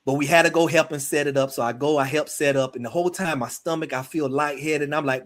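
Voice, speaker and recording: A man's voice: fairly high pitch, quick pace, hardly any pauses. A middle-aged man, a spiritual practitioner, telling a personal story in conversation and slipping into quoted voices. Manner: animated, slips into quoted voices.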